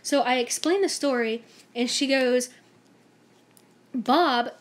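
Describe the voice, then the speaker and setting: A woman's voice: high voice, slow pace, long pauses. A young woman vlogger telling a story-time tale in a chatty, emphatic way, acting out the dialogue.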